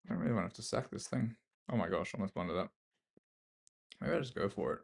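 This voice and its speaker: Aussie guy streaming chess, gravelly fry in his voice, mumbles along n talks to chat. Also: lowish voice, lively intonation, fast talker. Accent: Australian. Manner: mumbling, self-deprecating, chatting to viewers between moves. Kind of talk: casual live-stream commentary while playing chess.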